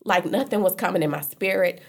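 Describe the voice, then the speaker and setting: Low and creaky, a woman speaks fairly quickly while earnestly telling a personal story as a guest. Her conversation is casual and loose, peppered with restarts and "like."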